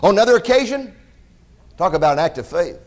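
Male preacher, higher-pitched, animated storyteller who dramatizes the quotes. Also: fast. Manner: directs listeners to scripture passages. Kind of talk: sermon.

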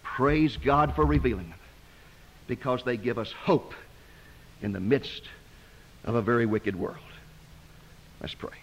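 A man preaching an evangelistic sermon to a congregation, fervent, moving from loud exclamations to hushed, slow emphasis. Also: medium pitch. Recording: dull lo-fi sermon recording.

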